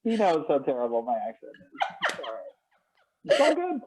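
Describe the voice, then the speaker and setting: A man's voice: fairly high pitch, wildly swooping pitch, moderate pace, background noise. A young man co-hosting a casual podcast, hesitant and talking in restarts and fillers. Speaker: co-host. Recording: tinny phone-like line.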